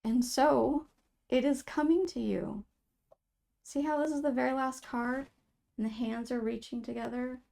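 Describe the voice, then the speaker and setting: A woman gives her viewers a pick-a-card tarot reading, softly musing aloud and reading out the card meanings. Her voice sits high and is creaky, with fairly even intonation and a slightly slow pace.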